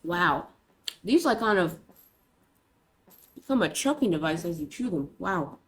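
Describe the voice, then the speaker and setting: Woman, young adult, vlogger, lively swinging pitch, unhurried, self-mocking. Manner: rambling, dramatic, self-mocking. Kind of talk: casual rambling vlog.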